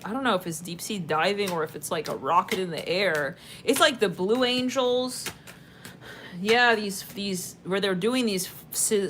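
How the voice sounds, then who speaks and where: A woman's voice: fairly low pitch, noisy background. A woman doing a casual tarot reading for her viewers. She talks in a chatty, rambling way, with lots of fillers and sudden laughs. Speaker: tarot reader.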